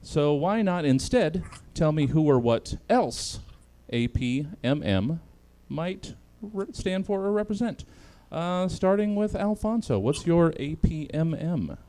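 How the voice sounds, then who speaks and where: Laughing comedy host with lively pitch. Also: male voice, slow pace, few pauses. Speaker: comedy panel show host. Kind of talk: loose comedic hosting.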